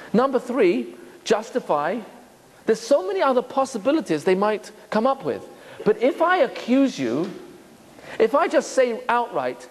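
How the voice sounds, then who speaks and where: A man's voice: sits high, in a large hall, slight background noise. A man, a rabbi, giving a lecture on Torah and acting out the voices he quotes. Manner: animated, acts out quoted voices.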